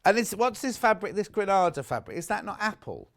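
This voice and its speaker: A man's voice: high voice, sing-song, fairly quick, gravelly, a bit bright. A man presenting fabrics on a live shopping channel, chatty and gushing, stopping often to correct himself. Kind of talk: live TV sales pitch.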